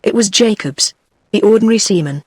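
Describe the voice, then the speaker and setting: A text-to-speech woman's voice with a British English accent, reading a novel aloud in an even, synthetic way. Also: mid-range voice, a little fast, slightly rough, no echo. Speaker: audiobook narrator.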